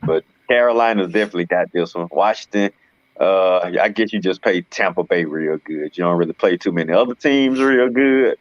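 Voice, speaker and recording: A man's voice: deep voice, a little fast, no room sound, dull audio. A man co-hosting a casual sports show, joking and laid-back as he gives his football picks. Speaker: co-host.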